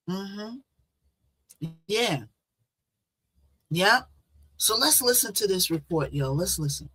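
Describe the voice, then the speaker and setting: A woman's voice: medium pitch, lively intonation, slow pace, pauses often, a bit bright, breathy edge. A woman host chatting through a news case in a casual, conversational way, full of rhetorical asides.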